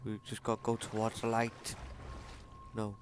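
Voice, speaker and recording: A young man shouting, laughing and swearing through panicky let's play commentary. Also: lowish voice, completely flat delivery, normal speed, slight background noise. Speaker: gaming channel host. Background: game music.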